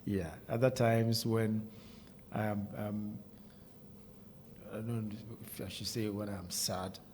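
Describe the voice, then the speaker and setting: A Ghanaian man talking as a radio guest, earnest and measured, often checking in with "okay?". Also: lowish voice, flat delivery, a little mellow, slight background noise. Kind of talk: candid radio talk. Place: radio studio.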